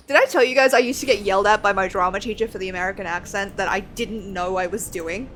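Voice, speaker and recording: A woman's voice: mid-range voice, moderate pace, a bit bright, soft background music. A woman chatting casually while playing a video game, rambling and laughing between asides. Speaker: game streamer. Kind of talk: casual game playthrough commentary.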